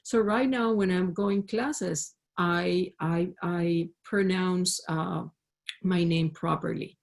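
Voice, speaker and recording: A woman with a Spanish accent speaks on a panel over a video call, earnest and storytelling. Her voice has a gravelly fry, and she circles back over her words as she starts her thoughts. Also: fairly low pitch, steady tone, slow. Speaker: university professor on a panel. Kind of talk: panel discussion.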